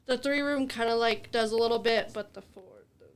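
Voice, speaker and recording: A woman's voice: fairly high pitch, a little fast, clean tone. A woman who teaches at a daycare, chatting casually and hesitantly with plenty of fillers. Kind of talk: casual chat.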